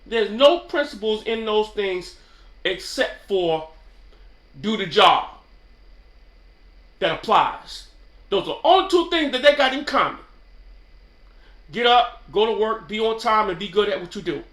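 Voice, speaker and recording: High, bright-voiced New man rambling. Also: animated, a little slow, long pauses, roomy sound. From New York. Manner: slangy, rambling, keeps asking "you know what I'm saying". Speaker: channel host. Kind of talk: casual off-the-cuff commentary.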